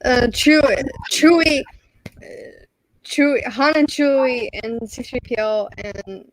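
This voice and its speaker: A woman's voice: sits high, slow, a little hiss or hum, low-quality recording. A woman co-hosting a podcast in casual, playful chat, often laughing. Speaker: podcast co-host.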